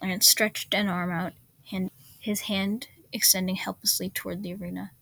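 Woman narrator, steady storybook reading, mid pitch, close and dry. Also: normal speed, gravelly, no room sound. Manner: steady, even storybook narration with small slips. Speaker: story reader. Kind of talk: reading fan fiction aloud.

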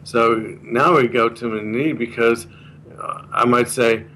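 A man's voice: mid-range voice, steady tone, a little slow, sharp tone, a little hiss or hum, low-quality recording. A man being interviewed, earnestly explaining a communication method and repeating the key points in a casual chat. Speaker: guest explaining a communication course.

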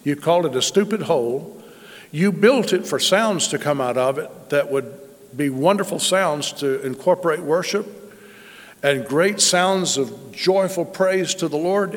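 A man voicing the Holy Spirit as a calm, measured male teacher within his sermon. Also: on the high side, in a large hall. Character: calm instructing divine voice, male.

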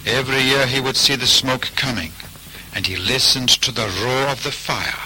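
A man telling a folk tale as storybook narration, in a measured way. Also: medium pitch, background noise.

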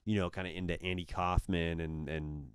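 Heard in clean studio sound with no echo, this podcast guest speaks in a deep, smooth voice with a level tone at normal speed. He organizes comedy shows, hails from Orange County, California, and his casual, rambling talk is full of "kinda" and "dude."

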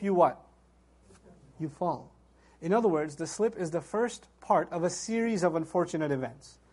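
A man lectures on scripture in a high, somewhat husky voice. He tells the story with animation, posing rhetorical questions to his listeners and slipping into the voices he quotes. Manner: acts out quoted voices with big pitch jumps. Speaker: Islamic lecturer. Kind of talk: Quran lecture.

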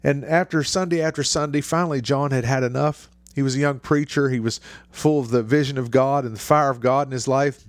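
A man's voice: medium pitch, steady tone, brisk, no room sound. A man preaching an informal sermon in an earnest, conversational way, often restarting and repeating his phrases.

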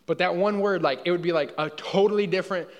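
A man's voice: sits high, fast, lo-fi sound. A young man preaching a conversational sermon in a church hall, casual and often checking in with his listeners. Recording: long hall reverb.

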